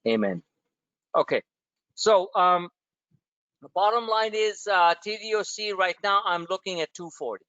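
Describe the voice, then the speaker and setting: A man's voice: high voice, animated, measured pace, long pauses, pushed and bright, clean tone, no echo, dull audio. A man hosting a stock trading webinar, talking bluntly and emphatically, swearing and repeating himself for effect. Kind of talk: live trading webinar rant.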